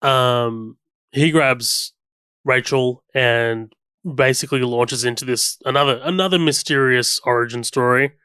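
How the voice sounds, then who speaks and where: Smooth-voiced man gushing about a film. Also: medium pitch, unhurried, bright, forceful tone, no echo, clean studio sound. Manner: enthusiastic, recounts scenes and hums the score. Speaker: podcast co-host. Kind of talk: casual film commentary chat.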